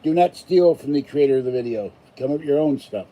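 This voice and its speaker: A man's voice: mid-range voice, animated, brisk, warm tone, rough recording. A tired older man from Pittsburgh, a channel host rambling and grumbling through a casual live stream sign-off. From Pittsburgh, USA.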